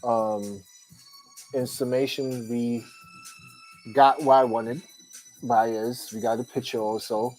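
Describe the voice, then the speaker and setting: A man's voice: mid-range voice, steady tone, slow, long pauses, a little mellow, faint music behind, low-quality recording. A man hosting a podcast live stream, chatting casually and rambling with many "um" fillers, sounding tired. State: tired, yawning. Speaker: podcast host.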